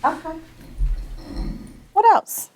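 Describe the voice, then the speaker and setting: A woman's voice: drawn-out words, slight background noise. A woman from Mississippi presenting an interactive workshop in a conference breakout room, telling stories and laughing with the group. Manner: animated, laughing, storytelling.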